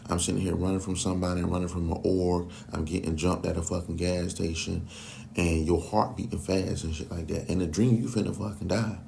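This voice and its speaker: Deep gravelly man, blunt and profane. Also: warm tone, slight background noise. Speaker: commentator. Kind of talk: casual monologue.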